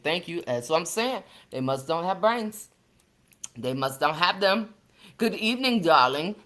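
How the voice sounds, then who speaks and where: A woman's voice: on the low side, a bit bright. Chatty woman greeting her livestream viewers. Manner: chatty, greets viewers by name, calls them sister and baby. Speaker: livestream host. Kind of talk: casual livestream chat with viewers.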